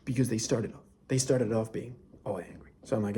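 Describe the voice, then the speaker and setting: A man's voice: lowish voice, fairly even intonation, brisk, dark tone, a little hiss or hum. A young man talking casually and earnestly to camera about Bible verses, often saying "dude" and dropping to near whispers. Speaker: faith vlogger.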